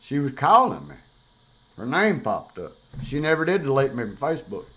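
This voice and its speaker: A man's voice: medium pitch, big pitch swings, normal speed, bright, forceful tone, low-quality recording. An older man, talking bluntly and profanely in a rambling, casual monologue as a show host. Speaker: podcast host.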